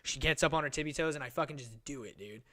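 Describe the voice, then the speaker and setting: A man's voice: fairly high pitch, quick pace, bright, forceful tone. A young man hosting a podcast, telling a rambling story in casual chat, swearing and laughing often. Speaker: podcast host.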